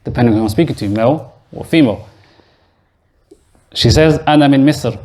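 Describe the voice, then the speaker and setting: A man's voice: medium pitch, fairly quick, a little mellow. A male teacher giving a classroom lesson to beginners, explaining step by step and quizzing his students as he goes. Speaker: Arabic teacher. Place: mosque classroom.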